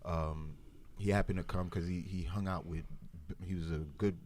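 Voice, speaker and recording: A man in his forties from Brooklyn, New York, a podcast cast member, tells a rambling story in casual chat and acts out the voices of the people he quotes. He has a deep voice, fairly even intonation and a moderate pace, with a noisy background.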